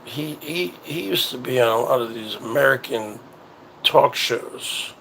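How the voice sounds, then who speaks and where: A man hosting his own show, chatting casually in a rambling, halting way that often repeats itself. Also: medium pitch, vocal fry, pushed and bright, slight background noise, poor audio. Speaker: show host. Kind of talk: casual livestream chat.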